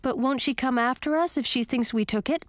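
A woman's voice: sits high, brisk, dry recording, voice pushed up, close to an everyday voice. Storybook heroine frog: earnest, eager young girl, a woman reading, dry close mic. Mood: worried. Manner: eager, wide-eyed questions.

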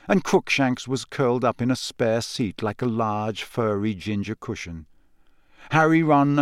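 In a measured, even storytelling style, a man with a mid-range voice narrates an audiobook from a script. The recording is clean studio sound with no echo.

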